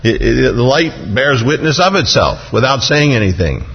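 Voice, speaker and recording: A male pastor preaching an expository sermon in a church sanctuary, slowing down to stress scripture. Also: mid-range voice, sing-song, creaky, slightly rough. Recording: dull, reverberant hall sound.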